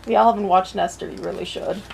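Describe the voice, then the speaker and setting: A woman's voice: medium pitch, fairly even intonation, quick pace, vocal fry, a little mellow, slight background noise. A woman vlogger reading a children's storybook aloud and breaking off into chatty, joking asides.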